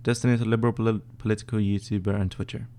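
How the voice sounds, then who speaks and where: A young man from northern Sweden with a Swedish accent, casually reading out and answering chat questions on a live stream, with many fillers and pauses. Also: lowish voice, level tone, warm tone, a little hiss or hum. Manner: laid-back, reads chat questions aloud, hesitant with fillers.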